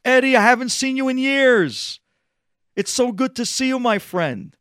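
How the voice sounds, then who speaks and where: A man voicing an excited, then furious, older male president, booming and shouting. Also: moderate pace, no room sound, studio quality, natural voice. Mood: overjoyed.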